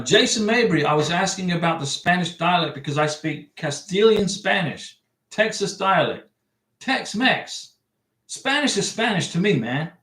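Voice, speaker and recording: A man's voice: fairly high pitch, fairly bright tone. Chatty middle-aged man, echoey room. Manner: chatty, rambling, frequent restarts. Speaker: livestream host giving visa advice. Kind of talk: casual livestream chat reading viewer comments. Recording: echoey room, distant mic.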